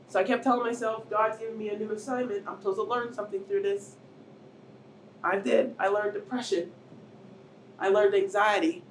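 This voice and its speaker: A middle-aged woman giving an emotional personal testimony as a cancer survivor at a public talk. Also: on the high side. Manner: emotional, rising to near shouts and tearful moments. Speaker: cancer survivor speaking at a panel. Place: event hall with audience. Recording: roomy hall, distant mic, faint noise.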